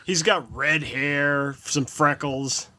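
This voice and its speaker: A man with a slightly high voice chats casually on a podcast, rambling and restarting his sentences as he hunts for words. The recording is dry and close. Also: takes it slowly, pushed and bright, no room sound. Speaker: podcast co-host. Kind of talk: casual chat.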